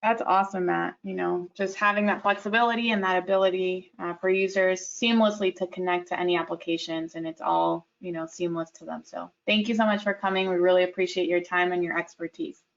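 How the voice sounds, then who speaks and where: A woman's voice: on the low side, level tone, brisk, vocal fry, few pauses, dull audio. A woman hosting a webinar in a friendly, upbeat, casual way over a video call. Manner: friendly, upbeat, loose with fillers. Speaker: host.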